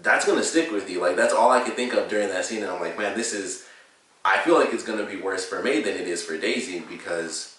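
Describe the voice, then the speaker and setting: A man's voice: fairly low pitch, expressive, a little fast, a bit bright, recorded from a distance. A man giving a casual, rambling spoken review of a TV episode, with lots of fillers and restarts. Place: home room with a dog. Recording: very echoey room, voice a bit off mic.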